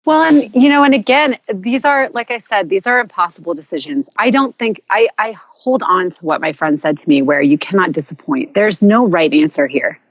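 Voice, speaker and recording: A woman guest telling a personal story in an earnest, reflective way, often pausing and restarting. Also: medium pitch, animated, dry recording, lo-fi sound. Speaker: podcast guest.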